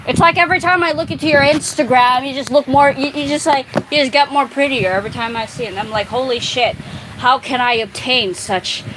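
A woman's voice: sits high, quick pace, few pauses. Young woman streamer, giggly rambler, noisy background. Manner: giggly, rambling, swears a lot. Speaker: streamer chatting with friends. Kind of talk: casual chat.

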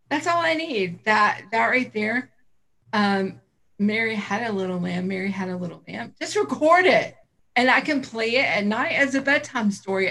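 Animated woman co-host, bright and bouncy, casual livestream banter. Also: a little high, rough recording. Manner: animated, giggly, enthusiastic. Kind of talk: casual chat.

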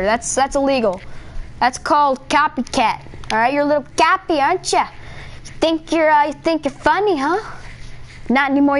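During gameplay commentary, a man does a very high-voiced impression of a bossy, self-important male police officer. He scolds in a pompous, rapid-fire rush, straining his throat as he goes.

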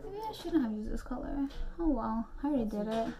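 A young woman with a slightly high voice chats her way through a makeup tutorial. She rambles and rants with playful mock outrage. A crowd murmurs clearly behind her. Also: lively intonation, brisk. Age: young adult. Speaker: beauty vlogger. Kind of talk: chatty makeup tutorial rant.

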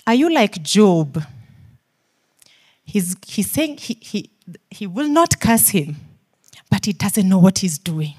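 A woman's voice: medium pitch, sing-song, slow pace, long pauses, darkish tone, slightly rough. A woman preacher with a Kenyan accent, preaching a sermon in an earnest, pleading way, firing questions and moving from near-whispers to emphatic pushes.

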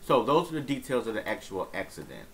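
A man with a fairly low voice tells a story in a loose, rambling way, full of fillers, restarts and swearing. The recording carries a faint hiss of background noise. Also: wildly swooping pitch, quick pace, poor audio. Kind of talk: casual storytelling vlog.

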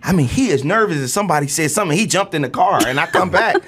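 A man from Chicago, a comedian guest, telling stories in an excitable way and acting out his family scenes. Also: fairly high pitch, fast talker, slightly rough. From Chicago, USA. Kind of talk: animated comic storytelling.

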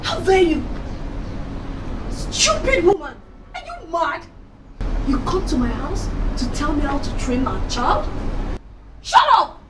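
A domineering mother, played by a woman, barks insults and orders in a very high, lively voice that leaps up and down. She is middle-aged and furious in her own home. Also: slow, pauses often, heavy background noise, heavily acted. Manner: shouting, insulting.

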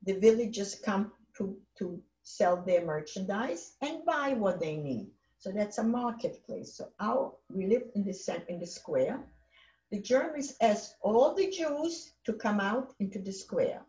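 An old woman, recounting her own testimony. She talks in halting bursts and leans on words by repeating them. The recording is roomy and a little dull. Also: mid-range voice, a little mellow. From Poland. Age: 80s. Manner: halting, emphatic retelling with repeated phrases. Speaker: Holocaust survivor speaker. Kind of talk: personal testimony.

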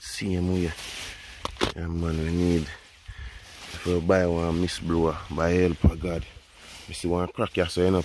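A man with a Jamaican accent, a farmer talking casually while he walks through his farm, often saying "you know, people.". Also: sits low. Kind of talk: casual walk-and-talk farm vlog. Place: outdoors on a farm.

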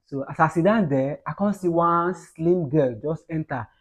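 A Nigerian man telling, in a relaxed and teasing way, the story of how he met his wife, chatting at home. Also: a little high, moderate pace. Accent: Nigerian Pidgin. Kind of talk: casual storytelling.

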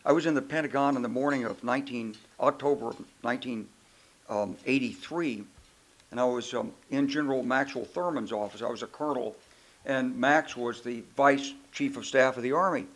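An older man, a retired general, telling anecdotes in an animated, emphatic way during a moderated conference interview. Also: mid-range voice, moderate pace. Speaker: retired general, keynote speaker. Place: conference stage.

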